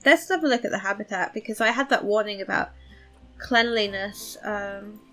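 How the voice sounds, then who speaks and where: A woman's voice: medium pitch, normal speed, fairly bright tone, soft background music. A woman giving casual commentary while playing a game, chatty, thinking aloud and poking fun at herself. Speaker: let's play host.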